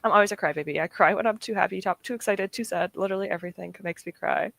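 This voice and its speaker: A woman's voice: mid-range voice, rapid-fire, vocal fry, a bit bright, no echo. Chatty woman hosting a livestream. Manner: chatty, self-deprecating, reads and answers chat. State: emotional, near tears; sore throat. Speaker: livestream host. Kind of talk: casual livestream chat.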